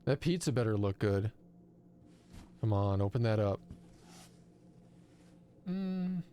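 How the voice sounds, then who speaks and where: A man's voice: on the low side, very animated, slow pace, dark tone, a little hiss or hum. A man streaming a horror game live, chatting and mocking the player character with casual swearing. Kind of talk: live gameplay commentary.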